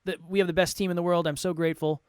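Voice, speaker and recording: Playful upbeat podcast man, slightly high voice. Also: level tone, rapid-fire, clear, resonant tone, no echo, studio quality. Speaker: podcast co-host and coach. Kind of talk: motivational podcast talk.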